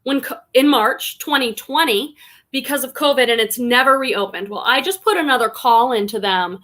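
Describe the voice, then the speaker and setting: A woman from Boston hosting a casual live stream, chatting warmly and greeting viewers one by one as she reads the chat aloud. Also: fairly high pitch, normal speed. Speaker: live stream host and online reseller.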